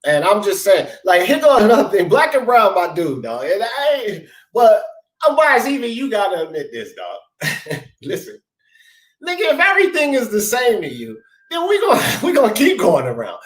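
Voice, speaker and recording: Male host, passionate and profane, very lively pitch, roomy echoey sound. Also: moderate pace. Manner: fired-up, profane, emphatic, repeats "bro" and "dog". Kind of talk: heated sports talk debate. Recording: roomy echo.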